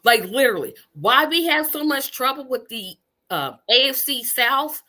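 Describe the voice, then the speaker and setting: Woman in her fifties from Indiana, podcast host; bright, lively, emphatic chat that loops back on itself. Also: high-pitched, normal speed. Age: 50s. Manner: animated, emphatic, repeats words for effect. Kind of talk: casual chat.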